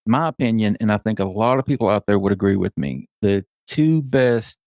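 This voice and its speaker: A man co-hosting a live podcast, easygoing and relaxed as he chats. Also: on the low side, no echo. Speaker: podcast co-host. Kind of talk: casual live podcast chat.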